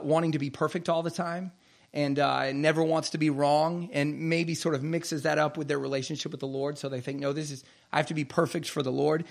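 A man preaching a sermon, reading scripture aloud and slowing down to stress key phrases. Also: mid-range voice, gravelly.

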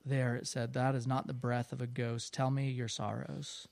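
A man voicing a vast, gentle male lion as he reads from a storybook in a soft, low, hushed way. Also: little pitch movement, moderate pace, vocal fry, no room sound, close to an everyday voice. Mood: calm, gentle. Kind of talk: reading aloud from a storybook.

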